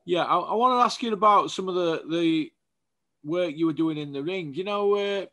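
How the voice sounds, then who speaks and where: A man's voice: sits high, normal speed, sharp tone. A man hosting his channel, asking a boxer loose, informal questions. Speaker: interviewer, channel host. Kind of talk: casual interview.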